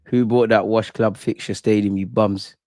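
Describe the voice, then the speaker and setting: A man's voice: lowish voice, normal speed, dry recording. Young guy hyped up reading chat on a live stream, cursing a lot, dry mic. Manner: excitable, slangy, swears, reads chat aloud. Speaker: football fan channel host. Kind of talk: live post-match reaction stream.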